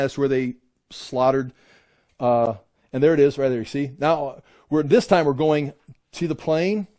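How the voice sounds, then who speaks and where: A man's voice: mid-range voice, dark tone. Middle-aged male teacher, rambling classroom lecture over photos. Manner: rambling, with many restarts; points out details on photos. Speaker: Bible teacher.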